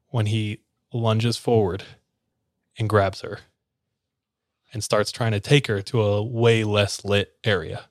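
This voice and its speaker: A man's voice: fairly low pitch, unhurried, no echo, studio quality. A man hosting a podcast, casually retelling a story and slipping briefly into the characters' voices. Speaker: podcast host telling a story.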